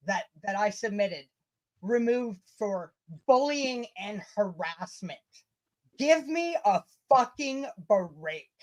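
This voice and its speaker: A woman co-hosting a casual podcast chat, indignant, sarcastic and profane. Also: medium pitch. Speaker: podcast co-host.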